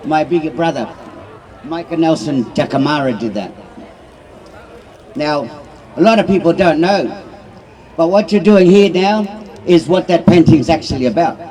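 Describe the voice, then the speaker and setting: A man telling a story to a rally outdoors in a calm, measured way. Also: a little high, far from the mic, low-quality recording. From Australia. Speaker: rally speaker. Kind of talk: storytelling speech.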